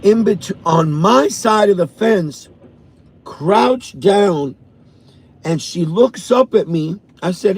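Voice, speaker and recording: A man with a New York accent, a vlogger telling a profane, animated story from his car on a morning drive. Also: sits high, slow, slightly rough. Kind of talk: casual storytelling.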